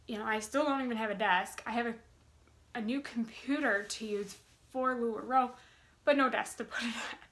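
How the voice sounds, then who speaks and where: A woman's voice: fairly high pitch, fairly bright tone, a little hiss or hum. A young woman in her twenties chatting to camera, bubbly and giddy, with lots of fillers and restarts. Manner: bubbly, gushing, many fillers. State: giddy with excitement. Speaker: vlogger. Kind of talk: casual chat to camera.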